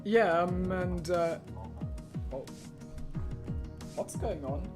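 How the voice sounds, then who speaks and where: A man's voice: sits high, extremely slow, over music. A man hosting and commentating a live online racing tournament in a chatty, jokey way, running the show. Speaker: host commentator.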